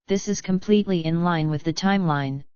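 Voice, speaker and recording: A woman reading the lines of a shadowy male informant who reports in an indifferent, quiet way. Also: a little high, fairly quick, clear, resonant tone, no echo, close to an everyday voice. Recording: dull, lo-fi, dry.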